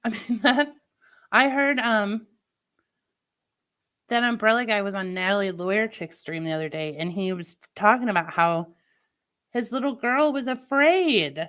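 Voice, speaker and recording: A woman's voice: medium pitch, measured pace, long pauses, a bit bright. A woman livestreamer in casual chat with her viewers, venting opinions in a chatty way. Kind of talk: casual live-stream chat.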